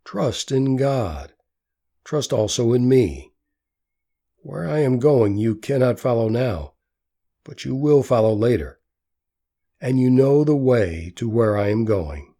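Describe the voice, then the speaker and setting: A man voicing a calm, solemn teacher. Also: medium pitch. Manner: slow, measured teaching.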